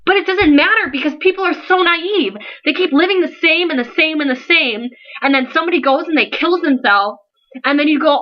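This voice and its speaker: A teen girl who founded an online support page makes an impassioned, worked-up vlog appeal to her followers in a high-pitched voice, speaking a little fast. The webcam sound is lo-fi, and she is earnest and emotional, pleading and scolding by turns.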